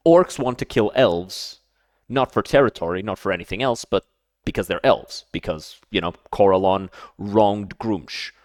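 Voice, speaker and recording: A man giving casual reaction commentary, emphatic and quick to repeat himself, often stumbling and restarting his phrases. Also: fairly low pitch, darkish tone, dry recording, clean studio sound. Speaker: streamer reacting to a video.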